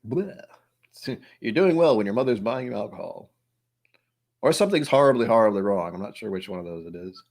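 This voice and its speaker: Young male host, slightly low voice, loose rambling livestream chat, jokes at his own expense. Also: a little fast, darkish tone. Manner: rambling, self-mocking, reacts aloud to chat. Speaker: whiskey channel host.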